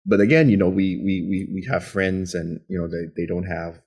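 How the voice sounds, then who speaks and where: A man's voice: fairly quick, slightly rough. A man in his forties from Guam, co-hosting a casual podcast roundtable and telling stories with lots of acted-out quotes. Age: 40s. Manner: animated storyteller, acts out quotes in a high voice. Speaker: podcast co-host.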